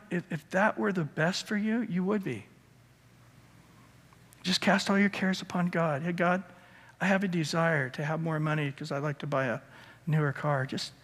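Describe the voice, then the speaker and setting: A man preaching in an earnest, conversational way, often stumbling over his words and starting again. His voice sits a little high for a man. The sound carries a long reverb from the church hall around him. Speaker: pastor. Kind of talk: sermon. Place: church sanctuary.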